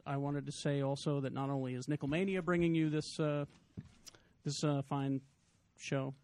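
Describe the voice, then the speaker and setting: A man's voice: on the high side, level tone, normal speed, a little mellow. A man hosting a casual group podcast, rambling with lots of fillers and mock-dramatic reads. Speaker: podcast host.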